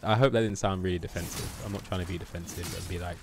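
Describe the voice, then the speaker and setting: Talking fast in a low voice with a slight hiss or hum, a British streamer plays a game live. He's playful, joking with viewers and grumbling at the game as he goes.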